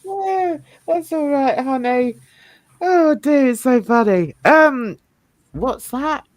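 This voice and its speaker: A woman's voice: sits high, expressive, slow pace, no echo. A woman hosting a casual livestream chat, playful and giggly, talking to her viewers as guys. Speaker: livestream host.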